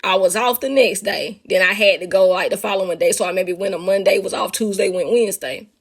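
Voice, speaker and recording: A woman's voice: medium pitch, brisk, husky. A woman telling her own faith story and teaching listeners, talking to them casually and with animation. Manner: animated, talks straight to listeners as "y'all". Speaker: speaker sharing a faith testimony.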